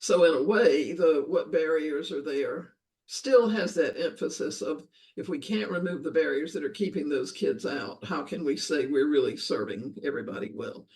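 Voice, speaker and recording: A woman's voice: deep voice, moderate pace, darkish tone, recorded from a distance, low-quality recording. An older woman speaking as a guest in an interview, earnest and thoughtful, often restating her ideas in long lists. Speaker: guest, education author. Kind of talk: reflective interview conversation.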